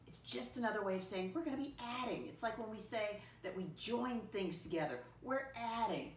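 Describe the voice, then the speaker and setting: A patient woman teaches a math lesson to first graders, using call-and-response, slowly spelling words letter by letter, and repeatedly calling the children "my friends." Her animated voice sits on the high side, heard from a distance in an echoey room with a little hiss or hum.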